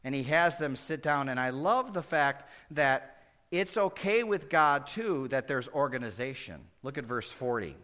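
A man preaching a verse-by-verse sermon as pastor, animated and conversational, swinging between loud emphasis and hushed asides. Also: medium pitch, unhurried. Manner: acts out Bible characters conversationally. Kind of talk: expository sermon.

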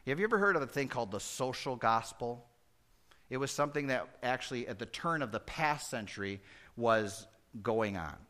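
A middle-aged pastor preaching a conversational sermon that rises to emphatic peaks. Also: male voice, medium pitch, sharp tone.

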